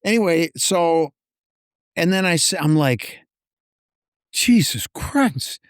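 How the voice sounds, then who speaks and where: A man tells a story as a podcast guest, in animated casual chat. His voice sits fairly high for a man. The sound is dry and close. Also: unhurried, clear, resonant tone, dry recording. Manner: animated storyteller, acts out dialogue.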